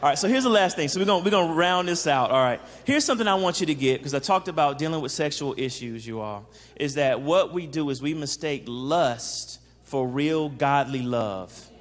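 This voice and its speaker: A psychologist giving an animated faith-based teaching talk. He keeps checking in with the audience and acts out the lines he quotes. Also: on the high side, normal speed, few pauses, in a large hall.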